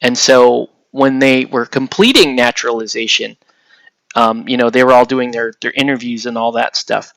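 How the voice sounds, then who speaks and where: A man's voice: medium pitch, fairly even intonation, normal speed, gravelly, a bit bright, no room sound. A man from the United States chatting casually with live viewers while painting miniatures, rambling and swearing lightly as he answers the chat.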